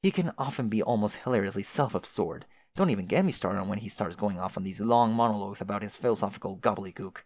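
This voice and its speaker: A man's voice: on the low side, fast, few pauses, a little mellow, no room sound. A man voicing a chatty, oblivious young male adventurer who rambles with old-fashioned folksy exclamations. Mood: rambling.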